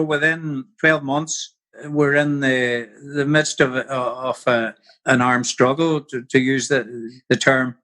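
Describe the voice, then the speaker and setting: A man's voice: a little high, bright, forceful tone. A man in his sixties with a Northern Irish accent, a podcast guest telling vivid anecdotes in a casual interview. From Belfast.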